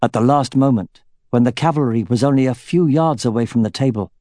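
A man narrating a fantasy audiobook in a measured, steady way. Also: medium pitch, no room sound, studio quality.

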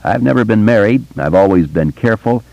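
A man voicing a careful, reserved grown man who speaks solemnly, at times in a high boyish chant. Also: animated, gravelly, darkish tone, no echo. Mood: measured. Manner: measured, solemn.

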